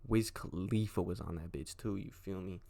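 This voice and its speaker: A young man with a low, gravelly voice tells a rambling story in casual slang. His talk is loose and profane, the easygoing style of a storytime clip. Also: normal speed, mellow.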